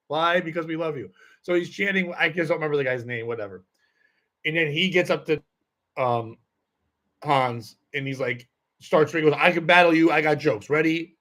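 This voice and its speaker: Slightly high-voiced man telling a rambling story. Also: a bit bright. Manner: rambling, lots of fillers and laughs. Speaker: podcast host and comedian. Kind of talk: casual storytelling chat.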